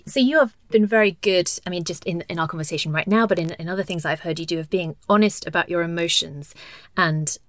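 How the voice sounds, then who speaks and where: A woman interviewing a guest, asking gentle, encouraging, measured questions. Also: fairly low pitch, no room sound. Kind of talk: conversational interview.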